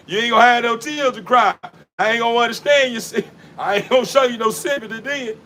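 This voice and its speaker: A dog breeder chats casually while washing his dog in a yard, laughing often and repeating himself in a preachy, street-talk manner. He speaks fairly quickly in a very high-pitched, sharp voice.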